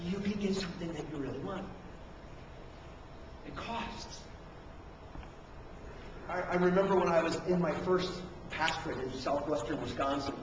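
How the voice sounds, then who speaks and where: A man's voice: on the high side, moderate pace, pauses often, slight background noise. A middle-aged male pastor preaching a conversational sermon, acting out little inner dialogues. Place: church sanctuary. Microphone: camcorder from the back of the room. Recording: distant echoey hall camcorder recording.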